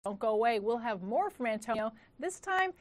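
A woman's voice: on the high side, big pitch swings, brisk, dry recording. A woman hosting a sports show, reading scripted promos in a polished way. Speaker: show host.

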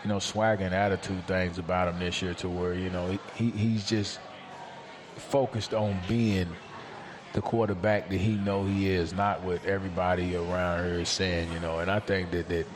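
A man talking casually as a football player guest, relaxed and leaning on "you know". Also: sits low, moderate pace, background noise. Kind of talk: casual chat.

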